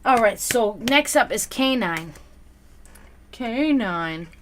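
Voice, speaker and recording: A woman's voice: fairly high pitch, expressive, takes it slowly, slight background noise. A woman hosting a live psychic reading stream, chatting casually with viewers and easily flustered into laughter. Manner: reads tarot cards for viewers.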